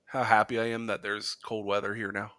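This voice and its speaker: A man co-hosting a casual sports podcast, animated and joking, who swears casually. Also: fairly low pitch, a little fast. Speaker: podcast co-host.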